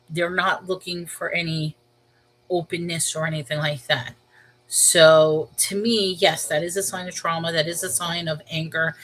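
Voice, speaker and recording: A woman's voice: lowish voice, rough recording. New York woman chatting live. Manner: talks things through out loud, reacting to viewer comments. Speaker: livestream host. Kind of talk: casual live-chat reply.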